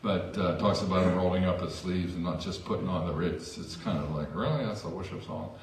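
Low-voiced pastor preaching in an echoey church. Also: male voice, brisk, far from the mic. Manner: conversational, self-deprecating asides. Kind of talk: sermon. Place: church sanctuary. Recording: echoey church hall from afar.

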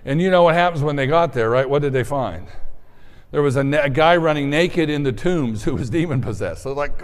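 A man's voice: fairly high pitch, animated, brisk. Conversational male pastor, echoing hall. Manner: conversational, many fillers and restarts. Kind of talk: sermon.

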